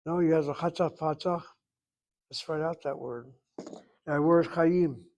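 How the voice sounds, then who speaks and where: A man's voice: a little high, fairly even intonation, a little slow, a little mellow, muffled recording. A man teaching a Hebrew class, emphatic and repetitive, correcting students and thinking aloud over spelling.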